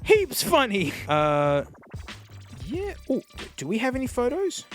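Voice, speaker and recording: A man, reviewing old music players on camera in a casual, excitable way, laughing and talking to the device. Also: very high-pitched, a little slow. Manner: excitable, animated, laughs often, talks to the device. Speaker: tech YouTuber.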